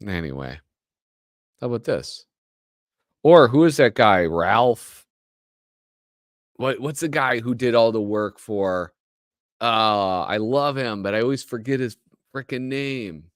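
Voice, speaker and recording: A man's voice: mid-range voice, expressive, unhurried, clean tone, no echo, clean studio sound. A man hosting a live show, chatting casually with rambling, joking asides that trail off mid-thought. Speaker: host. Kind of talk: casual live-stream commentary.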